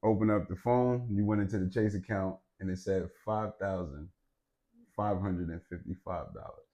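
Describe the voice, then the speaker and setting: Speaking at a moderate pace, a male podcast co-host recounts something from his own life in relaxed chat. He curses, laughs, and stays animated, shifting from loud bursts to hushed passages.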